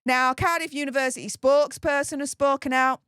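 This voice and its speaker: A woman's voice: high voice, fairly even intonation, a little fast, a bit bright, no room sound, studio quality. A woman from England with a Northern English accent hosting political commentary, talking in a riled-up, sarcastic, emphatic way. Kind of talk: opinionated commentary.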